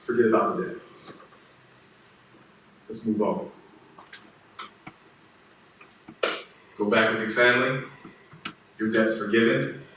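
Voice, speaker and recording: A man voicing a stern old king from a parable, lower and quieter than his own narration. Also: a little hiss or hum, lightly acted. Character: stern old king who forgives a huge debt. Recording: very echoey room, distant mic.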